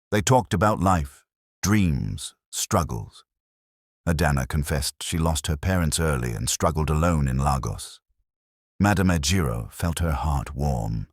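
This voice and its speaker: Deep, husky male storyteller. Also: no echo, clean studio sound. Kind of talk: scripted narration.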